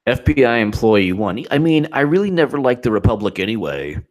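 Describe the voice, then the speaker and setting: A man's voice: medium pitch, very animated, brisk. A man hosting his own political commentary channel, talking off the cuff in a sarcastic, incredulous and exasperated way.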